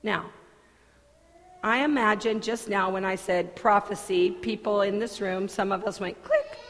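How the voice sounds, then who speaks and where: A woman pastor delivering a sermon in a church sanctuary, earnest and deliberate, with conversational asides. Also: mid-range voice, very animated. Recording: long hall reverb.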